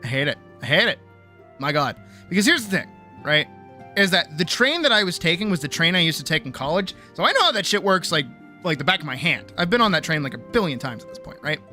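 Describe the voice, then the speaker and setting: Animated, exasperated woman telling a story. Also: on the low side, quick pace. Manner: animated, exasperated, swearing, acting out voices. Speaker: streamer. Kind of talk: casual storytelling on a livestream. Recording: faint music behind.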